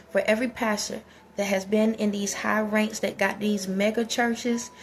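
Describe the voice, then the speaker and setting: A woman's voice: medium pitch, a little hiss or hum. A woman, delivering a heated casual monologue full of repeated rhetorical questions. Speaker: vlogger.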